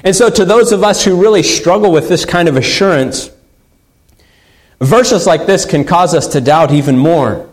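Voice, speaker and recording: A man's voice: sits high, normal speed, rough recording. A man preaching a sermon in an earnest way, repeating key phrases for emphasis. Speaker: pastor.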